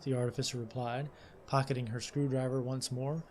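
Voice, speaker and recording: A man's voice: mid-range voice, flat delivery, fairly quick, a little hiss or hum. A man hosting a let's play, reading game text aloud and commenting casually, with fillers and self-corrections.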